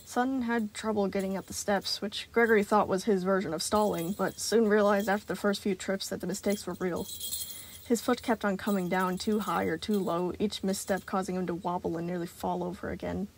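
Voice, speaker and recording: A woman narrating a fan fiction story in a calm, even voice. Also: mid-range voice, fairly quick.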